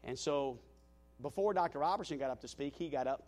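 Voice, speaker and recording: A male pastor telling a story in a sermon, animated and self-deprecating, with frequent restarts and "you know". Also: medium pitch, fairly quick.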